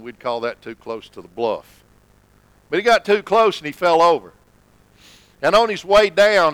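A man preaching a sermon in church, folksy and conversational, sometimes dropping to a low hush for emphasis. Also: no room sound, low-quality recording. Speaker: pastor.

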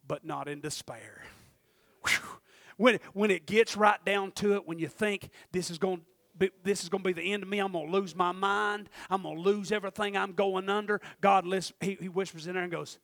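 A middle-aged man preaching a sermon, swinging from hushed murmurs to shouted fervor. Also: high voice, vocal fry, no echo.

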